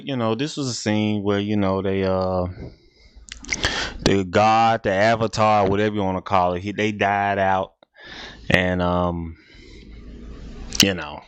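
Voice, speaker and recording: A man's voice: lowish voice, a bit bright, clear, resonant tone, no echo. A man hosting a casual reaction video, talking in a rambling, repetitive, laid-back way.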